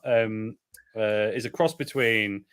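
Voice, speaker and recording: A British man chats casually on a beer live stream. His talk rambles and his lines often trail off quietly in a self-deprecating way. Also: on the low side, steady tone, slow pace, clean tone. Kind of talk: casual chat.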